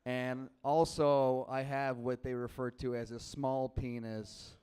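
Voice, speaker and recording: Halting, self-mocking male stand-up comic. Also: medium pitch, flat delivery, darkish tone, clear, resonant tone. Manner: halting, self-deprecating, laughing at his own jokes. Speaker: stand-up comedian. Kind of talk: stand-up set.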